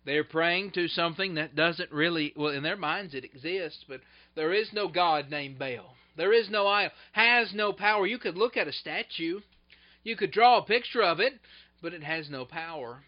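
A male preacher giving a sermon, retelling scripture in an animated way that swings between loud bursts and hushed asides. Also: a little high, normal speed. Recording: dull lo-fi recording.

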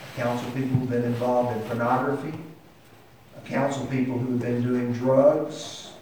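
A man's voice: medium pitch, a little hiss or hum. A man preaching a sermon with impassioned delivery that climbs to emphatic peaks. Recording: echoey hall heard from a distance.

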